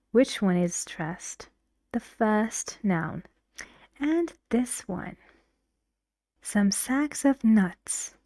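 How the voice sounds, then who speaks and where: A woman's voice: mid-range voice, mellow, dry recording, clean studio sound. A woman teaching an English pronunciation lesson, explaining stress rules patiently with examples.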